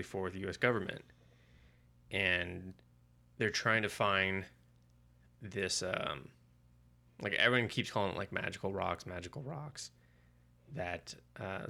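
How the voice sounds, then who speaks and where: This low, unhurried male voice is creaky and pushed-bright, with long pauses. He's a podcast co-host in a casual comics-review chat, retelling a comic's plot in a rambling, profane way packed with filler words.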